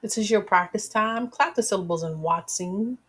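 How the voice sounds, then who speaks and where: A woman teaching a children's phonics lesson, speaking slowly and splitting words clearly into syllables. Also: medium pitch, fairly bright tone. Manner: slow, clearly segmented words for kids.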